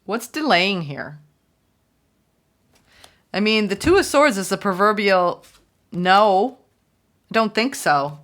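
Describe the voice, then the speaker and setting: A woman's voice: mid-range voice, lively intonation, takes it slowly, long pauses, a bit bright. A woman giving a casual, chatty tarot reading, musing aloud and voicing the viewer's thoughts. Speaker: tarot reader.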